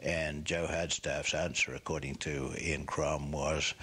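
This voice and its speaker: A man's voice: very deep voice, level tone, moderate pace, hardly any pauses, pushed and bright, breathy edge. An older man, a former cricketer telling a rambling anecdote full of asides. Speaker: former cricketer recalling a tour. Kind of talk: anecdotal storytelling.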